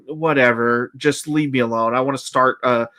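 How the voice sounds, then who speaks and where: A lazy monster henchman, put on by a man, a bit low and quiet as he mumbles along with a shrug in his voice. He wants out of every fight and sounds thoroughly unbothered. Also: fairly even intonation, moderate pace, natural voice. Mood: checked out.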